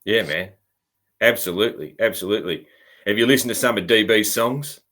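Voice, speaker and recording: A middle-aged Australian man hosts a podcast interview, keeping the chat easygoing and rambling and often calling his guest "man." His voice is on the low side, a bit bright, and fairly quick.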